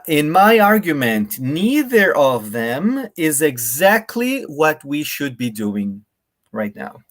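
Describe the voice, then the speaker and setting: Slightly high and a bit bright, this man's voice leads a live online teaching workshop. He speaks to his viewers directly in a friendly manner and demonstrates intonations aloud.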